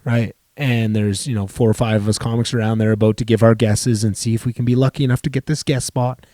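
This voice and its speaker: A man hosts his podcast alone and tells a long comedy-club story in loose, casual chat. His voice is warm and mellow, and he often circles back and restarts. He swears freely, and the sound is dry and close to the mic. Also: medium pitch, fairly even intonation, quick pace, hardly any pauses, no room sound. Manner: rambling, profane, self-interrupting.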